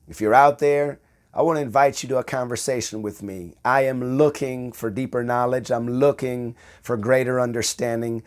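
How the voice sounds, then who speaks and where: A man giving a slow, conversational bible teaching, repeating phrases for emphasis. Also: medium pitch, fairly even intonation. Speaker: preacher.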